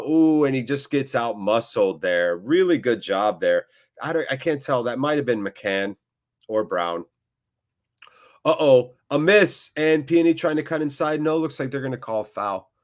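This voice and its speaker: A man's voice: fairly high pitch, normal speed. A chatty man hosts a live football watchalong. He mixes play-by-play reactions with casual banter. He keeps a playful, friendly tone and answers viewers in the chat by name. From United States. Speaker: host of a fan channel.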